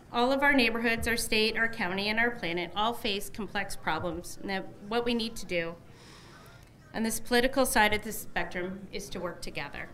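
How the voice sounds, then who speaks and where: A woman's voice: mid-range voice, fairly bright tone. A middle-aged woman, a newly elected candidate, gives an emotional, effusive election night victory speech at a headquarters party, thanking many people.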